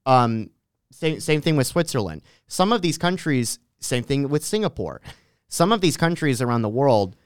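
A man's voice: medium pitch, clean tone, dry recording, studio quality. An American man co-hosting a podcast, explaining his points emphatically with some hesitations. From United States. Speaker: podcast co-host. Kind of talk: casual discussion.

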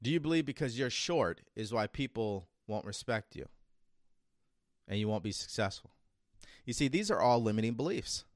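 A man's voice: mid-range voice, lively intonation, normal speed, dry recording, studio quality. A man hosting a self-improvement show, giving an emphatic motivational monologue full of rhetorical questions. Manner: acts out a nagging inner voice. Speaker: self-improvement podcast host.

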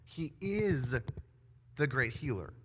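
A man preaching a sermon in an animated way, acting out quoted voices with big swings in loudness. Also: medium pitch, slow, a little hiss or hum. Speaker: pastor. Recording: long hall reverb.

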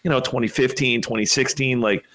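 A man's voice: medium pitch, fairly even intonation, fairly quick, fairly bright tone. A man talking as a podcast guest, rambling in casual chat with lots of swearing and filler words.

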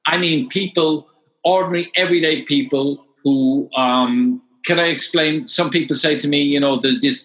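The audio is poor as a medium-pitched Irishman in his sixties, speaking with an Irish accent, shares his story in an interview. Once he gets going he turns animated and repeats words.

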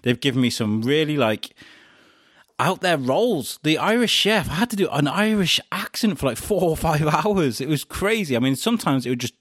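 A man's voice: on the high side, animated, moderate pace, a bit bright, breathy edge, no echo, studio quality. A man on a podcast mic, telling his story in casual chat, laughing often and restarting his sentences. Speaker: podcast host being interviewed.

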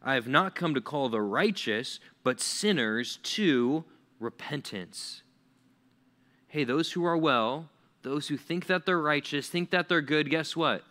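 A male pastor preaching a conversational sermon, animated and full of "like" fillers as he acts out stories for the congregation. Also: on the high side, a little slow. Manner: frequent "like" fillers.

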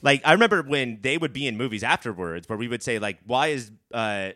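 A man's voice: mid-range voice, lively intonation, fast talker, bright, forceful tone, no echo, studio quality. A man co-hosting a casual movie podcast, rambling with many fillers. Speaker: podcast co-host.

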